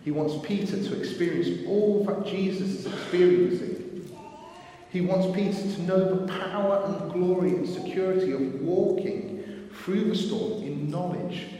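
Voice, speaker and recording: Slow preacher in an echoey hall. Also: male voice, warm tone. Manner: slow, earnest, acts out quoted thoughts with rising pitch. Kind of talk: sermon. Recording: roomy hall from a distance.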